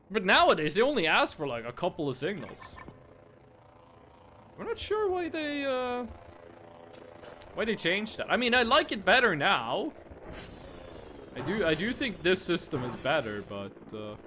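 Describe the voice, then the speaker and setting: A man's voice: high voice, sing-song, a little slow, pauses often, sharp tone, a little hiss or hum. A young man live-streaming a game, chatting casually and rambling through stories with lots of fillers into a desk mic at his home setup. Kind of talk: casual live-stream chat while gaming. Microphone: desk mic with webcam on monitor.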